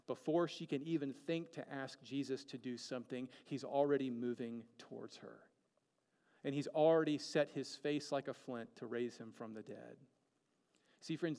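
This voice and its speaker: A man preaching a sermon earnestly, moving between emphatic peaks and hushed, quiet lines. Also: mid-range voice, long reverb tail.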